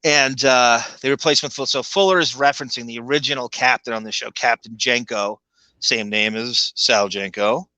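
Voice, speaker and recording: A man with a Long Island accent, co-hosting a podcast in a rambling, chuckling way that drifts into quick impressions. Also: mid-range voice, steady tone, bright, forceful tone, no echo, low-quality recording. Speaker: podcast co-host. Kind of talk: casual commentary chat.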